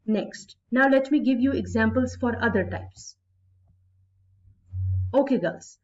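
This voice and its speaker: Slow, deliberate woman teacher lecturing. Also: on the high side, lo-fi sound. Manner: slow, deliberate, stresses syllables aloud; addresses students directly, repeats key points. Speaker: college English literature teacher. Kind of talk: recorded classroom lecture.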